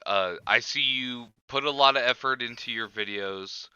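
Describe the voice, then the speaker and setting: Laid-back host with a bright, crisp voice. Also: male voice, mid-range voice, normal speed, dry recording. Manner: laid-back, swears casually. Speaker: podcast host. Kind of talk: casual interview chat. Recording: dull lo-fi mic.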